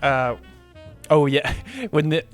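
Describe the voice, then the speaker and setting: A man's voice: a little high, sing-song, takes it slowly, faint music behind. A man co-hosting a casual movie review podcast. He laughs often and rambles, circling back with plenty of fillers. The talk stays easygoing and conversational. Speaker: podcast co-host.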